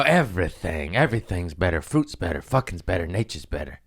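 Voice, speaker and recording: Low-pitched and brisk, a caffeine-fueled man rambles through his solo comedy podcast on a studio microphone. The casual monologue is excitable and profane, full of laughter and sudden topic jumps.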